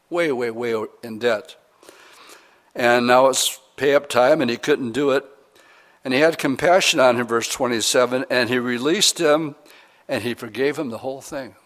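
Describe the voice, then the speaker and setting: A man preaching a sermon in a conversational, earnest way, with emphatic rises. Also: medium pitch. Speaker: pastor.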